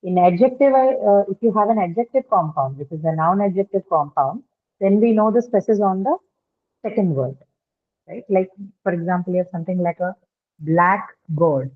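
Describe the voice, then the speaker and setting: In an online phonetics lesson heard over tinny call audio, a woman with a voice on the low side goes through pronunciation rules example by example. She uses many fillers and regularly pauses to ask whether everyone is following.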